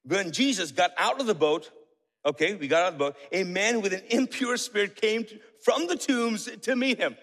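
High-voiced preacher in an echoing hall. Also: male voice, normal speed. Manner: lively, asks the congregation questions, joking asides. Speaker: pastor. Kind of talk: sermon. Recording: long reverb of a church hall.

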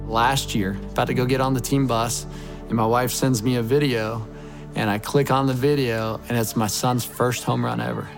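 A man in his thirties tells an earnest personal testimony in a gravelly, creaky voice. He speaks with open emotion about faith and family. A clear music bed runs underneath. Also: medium pitch, steady tone, normal speed. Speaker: former college baseball coach.

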